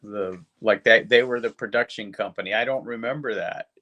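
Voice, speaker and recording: A man's voice: on the low side, moderate pace, sharp tone, dull audio. A man in his fifties co-hosting a podcast, reviewing movies in rambling, profane casual chat. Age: 50s. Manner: rambling and profane, with lots of fillers. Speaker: podcast co-host.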